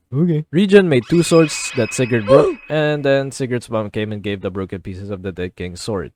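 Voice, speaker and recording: A man telling an old legend as an irreverent comedy, with profane jokes and deadpan asides. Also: medium pitch, a little fast, hardly any pauses, slight background noise. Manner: profane, deadpan asides, silly put-on voices. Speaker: comedic storyteller.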